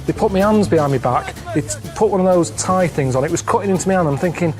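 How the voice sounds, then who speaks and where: An English man recounts mishaps in a plainspoken, deadpan tone. His voice sits a little high, and music plays clearly underneath, as in a TV clip. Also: quick pace. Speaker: show's traveller. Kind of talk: deadpan anecdote in a TV interview.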